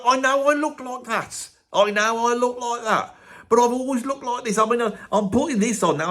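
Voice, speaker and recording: Casting: man playing a middle-aged Brummie rock fan, rambling and scoffing, voice sitting a little high. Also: fairly bright tone. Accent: Birmingham. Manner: rambling, swears often, scoffing. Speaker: comedy character host. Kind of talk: comic rant to camera.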